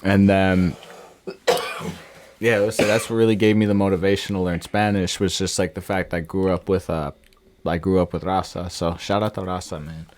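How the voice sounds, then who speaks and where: A man's voice: low voice, level tone, normal speed, a little mellow, a little hiss or hum. A young man from northern Illinois, a podcast co-host chatting casually, rambling and repeating himself with lots of fillers. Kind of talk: casual chat.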